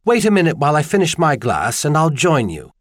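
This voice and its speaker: A man's voice: on the high side, huge pitch swings, brisk, no room sound, studio quality, pitched above the performer's own voice. A man voicing an amused empress who teases her companions in a playful, laughing manner. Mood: teasing. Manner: teasing, laughing.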